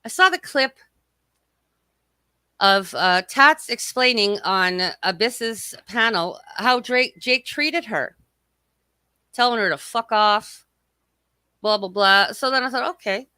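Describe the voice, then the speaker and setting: A woman's voice: medium pitch, sharp tone, clear, resonant tone, dry recording. Brash, profane woman ranting on a livestream. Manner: profane, heated, sarcastic ranting. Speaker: livestream host. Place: at home.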